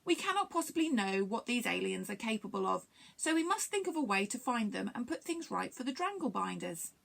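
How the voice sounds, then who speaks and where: A woman doing a serious, calming male creature. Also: fairly high pitch, brisk, gravelly, heavily acted. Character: serious male storybook creature, calm leader.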